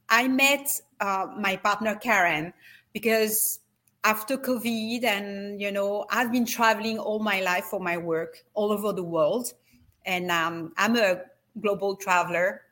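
A middle-aged woman with a French accent talks as a guest in an interview. She speaks in measured, halting phrases. Her voice sits at an ordinary middle pitch. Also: a bit bright. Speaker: interview guest, company founder.

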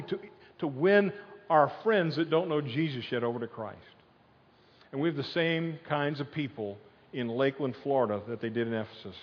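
A man preaching a sermon as pastor, telling the story in a lively, conversational way and leading the crowd in chants. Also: on the high side. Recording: dull sound in a long-echo hall.

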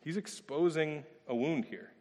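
A man preaching a sermon in a relaxed, conversational way, telling personal stories and asking rhetorical questions. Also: a little high, measured pace, big-room sound. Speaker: pastor.

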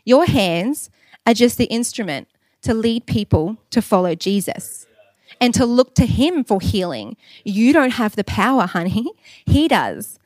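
Caring mum telling her kid off gently, way up high, dry close sound, a lady preacher doing her mum. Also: big pitch swings, a little slow, no echo, low-quality recording. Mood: gently firm. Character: loving, firm mother soothing her child.

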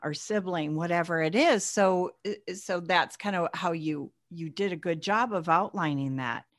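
A woman's voice: lowish voice, normal speed, dry recording, clean studio sound. A woman hosting a podcast interview, upbeat and chatty, laughing often. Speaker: podcast host.

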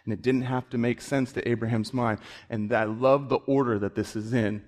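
A male preacher delivering a sermon on a clip-on mic, building to high, excited bursts as he retells scripture. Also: normal speed.

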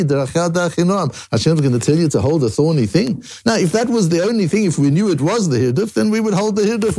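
Man, Talmud teacher; gravelly, mellow, dry close sound, restarts and climbs in pitch for emphasis. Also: no echo. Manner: animated rising emphasis, frequent restarts, Hebrew and Yiddish terms. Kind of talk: Daf Yomi Talmud lesson.

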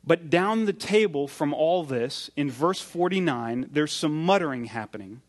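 Animated preaching man, higher voice. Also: measured pace. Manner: animated storytelling, acting out the quoted speakers. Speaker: pastor. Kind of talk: sermon.

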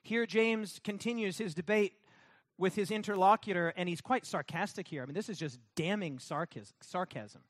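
Guy preaching a sermon, pretty high voice, leans on call and response, gets sarcastic. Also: moderate pace, dry recording, studio quality. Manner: emphatic, repetitive, call-and-response with congregation; mocking sarcastic put-on voices for effect. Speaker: pastor.

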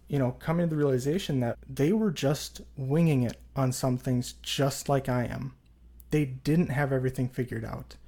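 A man's voice: mid-range voice, darkish tone. A man in his thirties, a podcast guest, talking earnestly and reflectively in casual interview conversation, full of "you know" fillers. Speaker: podcast guest, jail chaplain.

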